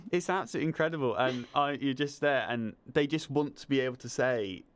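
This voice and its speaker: A man's voice: medium pitch, brisk, smooth, no echo. A young man with a Southern English accent, a film student chatting as an interview guest and telling stories with enthusiasm. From England. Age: young adult. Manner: enthusiastic, animated storyteller. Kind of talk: casual interview chat.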